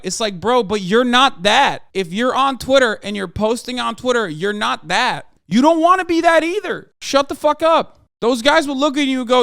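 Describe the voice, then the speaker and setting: High-voiced man in a profane rant. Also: expressive, moderate pace, vocal fry, a bit bright, clear, resonant tone, no room sound, studio quality. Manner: profane, heated ranting. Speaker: streamer. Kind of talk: livestream commentary rant.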